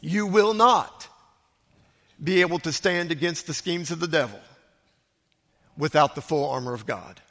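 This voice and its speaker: A man preaching a sermon as a pastor, emphatic, swinging between loud urging and hushed, quiet lines. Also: a little high, lively intonation, moderate pace, long pauses, in a large hall.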